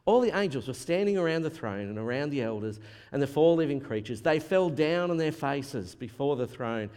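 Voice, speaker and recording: A man preaching a sermon as a pastor, animated and acting out the voices he quotes. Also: mid-range voice, brisk, clear, resonant tone. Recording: long hall reverb.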